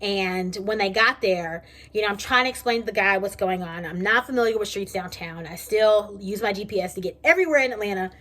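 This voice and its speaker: A young woman, casually vlogging and telling a story in a chatty, animated way from her kitchen. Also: medium pitch, a little fast, hardly any pauses. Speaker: beauty vlogger. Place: home kitchen.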